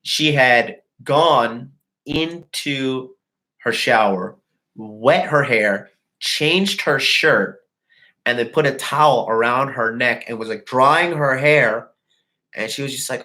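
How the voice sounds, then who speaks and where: Man, host, crude profane storytelling, casual chat to a live audience, mid-pitched, mocking quoted voices. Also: slow, sharp tone, rough recording.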